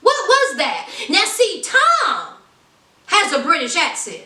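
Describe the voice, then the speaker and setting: Woman, podcast host, sassy casual recap, high voice, very animated, roomy distant sound. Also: slow pace. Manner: sassy, chatty, talks straight to listeners. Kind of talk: casual reality-show recap.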